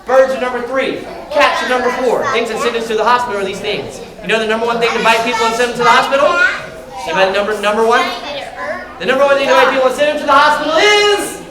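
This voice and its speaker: Trainer talking quick to a crowd, mic way off, lots of room echo. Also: mid-range voice. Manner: energetic, calls out to the crowd and asks questions. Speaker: animal trainer presenting to a library audience. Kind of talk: lively live presentation to children. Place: large indoor hall with an audience. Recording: echoey hall, distant mic, noisy crowd.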